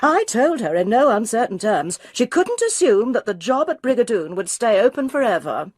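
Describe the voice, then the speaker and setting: Indignant, clipped middle-aged wife as a woman reads her, husky and high-strung. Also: very animated, normal speed, no room sound, studio quality.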